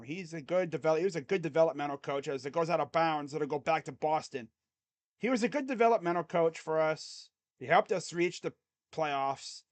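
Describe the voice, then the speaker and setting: High-voiced man calling a game live. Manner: swings between loud excited calls and low muttered grumbling; casual, rambling fan talk. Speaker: sports YouTuber doing live play-by-play. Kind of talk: live game reaction commentary.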